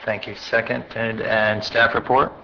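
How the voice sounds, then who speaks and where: A man presiding over a city council meeting, moving through agenda items in a level, even tone with a bright, forward voice. The audio is muffled and slightly dull, with a faint steady hiss under it. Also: on the low side, a little slow. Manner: formal, procedural reading with brief hesitations. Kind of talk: chairing a city council meeting, reading resolutions aloud.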